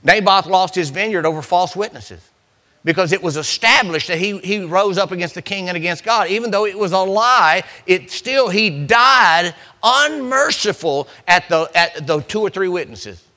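Guy preaching a sermon, high ringing voice, lots of "the, the" restarts. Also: lively intonation, normal speed, bright, forceful tone. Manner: preaching with rising emphasis and repeated restarts. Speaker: pastor.

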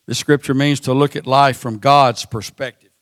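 A man delivers a sermon at a middling pitch. He often repeats words and fills gaps with "uh" as he builds his points. The recording is dry and close, with little room sound. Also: steady tone, moderate pace, a bit bright, no room sound. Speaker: preacher.

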